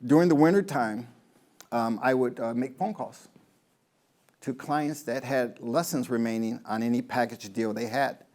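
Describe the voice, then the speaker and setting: A man's voice: medium pitch, a little slow, darkish tone. A man, a golf pro, giving a rambling motivational talk to a live audience, telling stories and asking the crowd questions.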